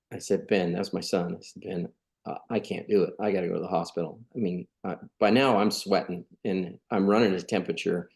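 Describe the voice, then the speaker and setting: A middle-aged man from California tells a personal story on a podcast. His voice sits low with a gravelly edge. He stays earnest and conversational and acts out what others said. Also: a little mellow. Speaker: podcast guest. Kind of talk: storytelling in a casual interview.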